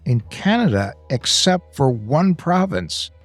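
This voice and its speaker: Male co-host, mid-range voice, measured explainer with dry humor. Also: mid-range voice, very animated, soft background music. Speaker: podcast co-host. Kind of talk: casual podcast chat.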